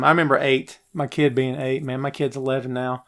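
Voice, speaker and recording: A man's voice: mid-range voice, a little fast. Chatty man hosting a wrestling stream. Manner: chatty, animated, reads viewer comments aloud. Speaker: podcast host. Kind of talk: live-stream chat with viewers. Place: hot home office. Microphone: headphones, phone nearby.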